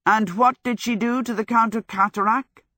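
A woman's voice: a little high, steady tone, moderate pace, fairly bright tone, dry recording, studio quality, pitched above the performer's own voice. A woman reading aloud, voicing a vain young male wizard who talks in a theatrical, irritable way. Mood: amused.

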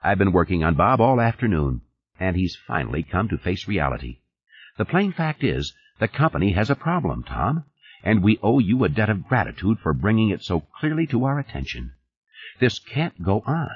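A man voicing a smooth, ingratiating corporate executive in an audiobook reading. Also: deep voice, very animated, normal speed, heavily acted. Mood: soothing. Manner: soothing, glib. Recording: dull lo-fi audio.

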